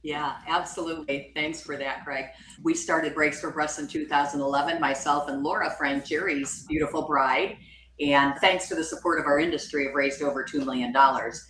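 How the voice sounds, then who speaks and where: A woman's voice: deep voice, steady tone, normal speed, fairly bright tone, echoey room, a little hiss or hum, rough recording. A woman, a marketing director and customer service trainer, speaking as a podcast guest in an upbeat manner. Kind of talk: casual podcast interview.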